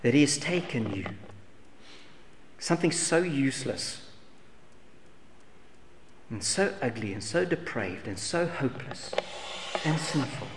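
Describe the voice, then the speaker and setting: An earnest male preacher of middle pitch presses repeated rhetorical questions on his listeners. He swings from loud emphasis to hushed lines. His voice carries a long hall reverb over a faint hiss. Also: expressive, measured pace, pauses often. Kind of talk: sermon.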